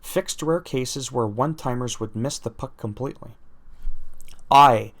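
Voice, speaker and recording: A man's voice: mid-range voice, a little slow. A man reading out video game patch notes aloud, breaking off with self-deprecating jokes and laughing at his own asides. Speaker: gaming YouTuber.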